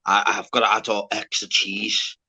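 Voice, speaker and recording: Northern English man, livestream host, casual sweary banter, bright and forward tone. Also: lowish voice, monotone, moderate pace, breathy edge. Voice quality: sweary, rambling, laddish banter. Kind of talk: casual chat.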